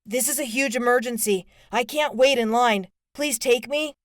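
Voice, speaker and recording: A woman's voice: fairly high pitch, normal speed, no echo, studio quality, voice pushed up, lightly acted. A woman voicing a teenage boy who gives urgent, commanding instructions over the phone.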